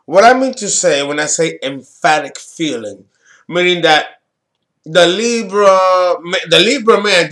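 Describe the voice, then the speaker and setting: A man giving a solo astrology talk as an astrologer, deliberate and emphatic, blunt and sometimes swearing. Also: high voice, fairly bright tone.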